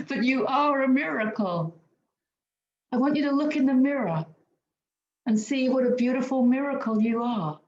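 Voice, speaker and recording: A woman's voice: fairly high pitch, animated, moderate pace, pauses often, a little mellow. A woman giving a weekly tarot card reading, earnest and upbeat, laughing often as she talks. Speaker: tarot reader. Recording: roomy, slightly dull sound.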